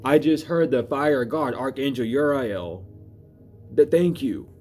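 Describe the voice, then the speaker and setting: A man's voice: lively intonation, slow, faint music behind. Man giving a rambling, swearing spiritual reading. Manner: rambling, swears freely, swings between loud urging and low asides. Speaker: spiritual reader. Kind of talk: casual spiritual reading to camera.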